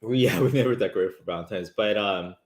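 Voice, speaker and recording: A man's voice: lowish voice, fast. A man co-hosting a casual live stream from a home kitchen, chatting and reading viewer comments with lots of fillers. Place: home kitchen while cooking.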